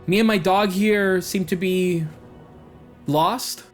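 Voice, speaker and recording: A man's voice: high-pitched, fairly even intonation, slow, faint music behind, voice pushed up. A man doing a brash stranded woman adventurer. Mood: brisk.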